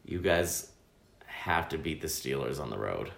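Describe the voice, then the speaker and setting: A man's voice: very deep voice, lively intonation, a little slow, creaky, fairly bright tone, reverberant. A man co-hosting a casual sports podcast, teasing his buddy with dry wisecracks. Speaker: podcast co-host.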